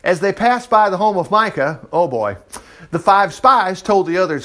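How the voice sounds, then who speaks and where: A man's voice: high voice, expressive, normal speed, fairly bright tone. A man reading scripture aloud and breaking off for folksy, chatty asides. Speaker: Bible teacher. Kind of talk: reading scripture with casual commentary.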